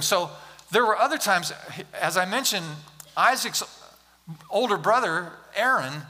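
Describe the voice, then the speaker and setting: A male pastor preaching a sermon, animated and humorous, acting out Bible scenes and talking directly to the congregation. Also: on the high side. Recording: long hall reverb.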